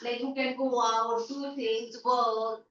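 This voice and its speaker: Over a video call, an Indian English-accented teacher walks her online class through a story, paraphrasing lines and performing everyday remarks. She speaks slowly in a fairly high, somewhat bright voice with fairly even intonation, and the echoey, distant, dull audio carries a little hiss or hum.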